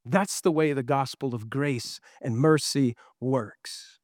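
A man's voice: mid-range voice, slow pace, a little mellow, dry recording, studio quality. A middle-aged man preaching a sermon as pastor, earnest and full of rhetorical questions.

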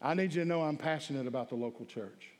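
Man, pastor, high voice, emphatic sermon delivery, reverberant church sanctuary. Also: quick pace, darkish tone. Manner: emphatic, calls for audience response. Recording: echoey hall with long reverb.

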